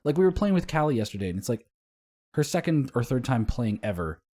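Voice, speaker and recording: A young man co-hosting a casual gaming podcast, talking in a relaxed, rambling way with frequent swearing. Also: medium pitch, fast. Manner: relaxed and rambling, swears often, laughs along. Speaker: podcast co-host.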